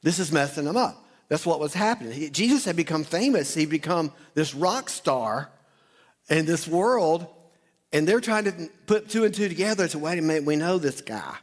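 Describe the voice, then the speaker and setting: A male pastor preaching a sermon, telling the story with lively asides and acting out the townspeople's voices. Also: on the high side, normal speed. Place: church auditorium.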